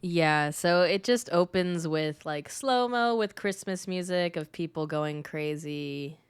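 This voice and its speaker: Young woman podcast co-host, low smooth voice, stuffy from a cold, dry close mic. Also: slow pace, dry recording. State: congested from a cold. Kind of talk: casual chat.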